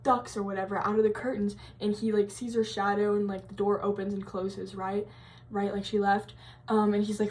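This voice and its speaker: A woman's voice: medium pitch, darkish tone. Rambling young woman telling a creepy story. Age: young adult. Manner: rambling, many fillers and restarts. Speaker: college vlogger. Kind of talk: casual storytelling.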